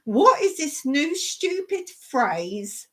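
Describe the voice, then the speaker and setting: Slow-talking woman, chatty. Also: high-pitched, very animated. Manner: chatty, laughing, ranting about pet peeves. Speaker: vlogger hosting a live stream. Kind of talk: casual live-stream chat.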